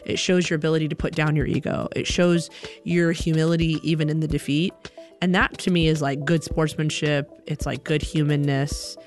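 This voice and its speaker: A young adult woman telling a comic personal story in an animated way, acting out the people in it. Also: low voice, normal speed, soft background music. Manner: animated, acts out other people's voices.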